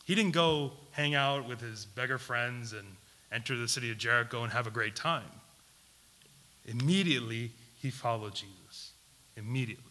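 A man preaching a sermon, putting questions to his listeners and repeating key words for emphasis, swinging between loud and hushed delivery. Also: medium pitch, normal speed. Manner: asks the audience questions, emphatic repetition.

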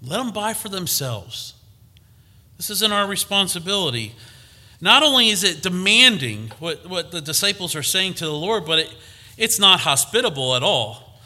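A man's voice: high voice, very animated, normal speed, bright, forceful tone. A man preaching a conversational sermon, reading scripture and rising to emphatic peaks.

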